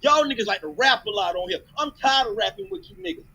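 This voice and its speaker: A man furiously yelling profane insults in an online audio chat room, speaking into a phone. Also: very high-pitched, lively intonation, quick pace, husky, poor audio. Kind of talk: heated argument.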